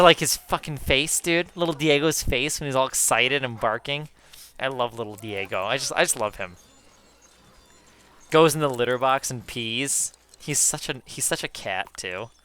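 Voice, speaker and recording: A man in casual chat with viewers while gaming, excitable, swearing often and calling his viewers guys. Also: medium pitch, clean tone. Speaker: gaming YouTuber.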